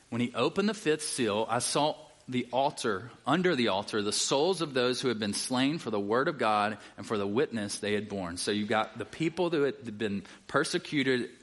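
A man's voice: medium pitch, fairly bright tone. A man teaching a conversational sermon to a live church audience, reading scripture aloud and often checking in with his listeners. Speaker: Bible teacher.

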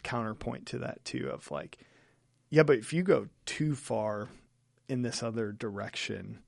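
An earnest male pastor with a gravelly, fry-laden voice works through his thoughts aloud, often restarting phrases. The recording is dry and close, with no room sound. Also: medium pitch, no room sound. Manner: earnest, halting, many restarts. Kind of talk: casual podcast chat.

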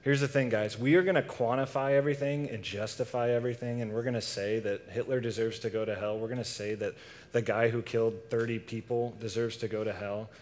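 A man's voice: mid-range voice, fairly even intonation, brisk, darkish tone. A young man preaching a casual sermon to a youth group, asking the audience questions and reading scripture.

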